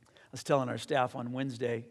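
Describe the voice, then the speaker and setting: A man's voice: mid-range voice, little pitch movement, brisk, in a large hall. A man preaching a sermon as pastor, telling stories in an earnest, conversational way with fillers, then leading a closing prayer.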